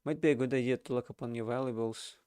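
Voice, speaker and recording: A man voicing a proud, boastful gentleman gambler who speaks formally. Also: mid-range voice, steady tone, quick pace, clear, resonant tone, no room sound, natural voice.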